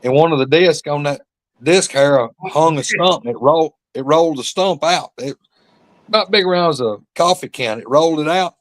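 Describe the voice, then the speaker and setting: A man's voice: on the high side, moderate pace, dry recording. A man telling a long rambling story in casual chat, addressing listeners as y'all. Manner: drawling rural storyteller, calls listeners y'all. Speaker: podcast host.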